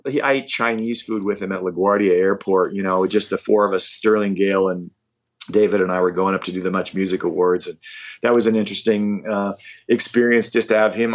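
A man in his fifties telling animated, self-deprecating stories in a casual interview. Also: on the low side. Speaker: rock musician guest. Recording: dull lo-fi audio.

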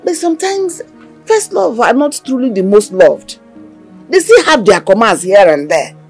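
An actress playing a middle-aged Nigerian mother in a film drama, coaxing and chiding her daughter in a husky voice, mixing in Igbo phrases. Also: on the high side, sing-song, normal speed, darkish tone, soft background music.

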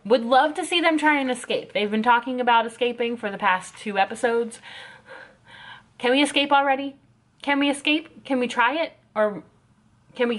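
A woman giving casual reaction commentary on an anime episode, ranting in an exasperated, sarcastic way. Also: on the high side.

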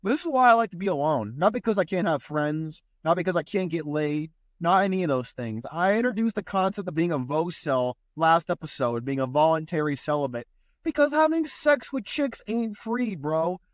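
Blunt, high-voiced man ranting on a podcast. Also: expressive, moderate pace, no room sound. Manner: blunt, profane, sarcastic. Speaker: podcast host.

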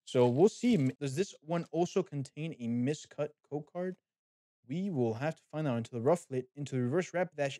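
A man's voice: mid-range voice, dry recording, clean studio sound. A man hosting a card pack opening, talking casually and animatedly straight to his viewers. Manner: animated, chatty, talks to viewers as guys. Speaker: card-opening channel host.

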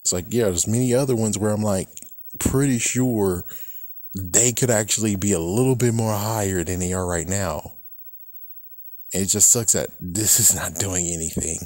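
A man's voice: lowish voice, normal speed, darkish tone, dry recording, clean studio sound. A man on a YouTube channel, talking in a casual, rambling rant, frustrated and swearing often. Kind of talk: casual ranting vlog.

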